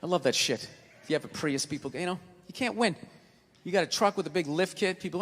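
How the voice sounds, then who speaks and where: A man doing a stand-up routine, ranting and swearing, with loud outbursts. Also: high voice, quick pace, slight background noise. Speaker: stand-up comedian. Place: stage in a large hall before a live audience. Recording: live hall with long reverb.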